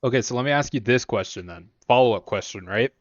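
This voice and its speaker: A man chatting loosely with his stream while he plays, wandering from thought to thought with a joking, bantering tone. His pitch sits in an ordinary middle range. The audio is dull and a bit lo-fi. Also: quick pace, dry recording. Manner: rambling, joking, talks to chat and scolds the monster. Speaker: game streamer. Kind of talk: casual live-stream chat while playing.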